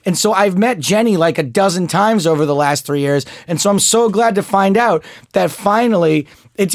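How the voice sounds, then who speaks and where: Forties male co-host, jokey rambling banter, higher voice, dry studio sound. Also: lively intonation, moderate pace, hardly any pauses, dry recording. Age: 40s. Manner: joking, rambling, laughs at his own lines. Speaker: podcast co-host. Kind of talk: casual chat.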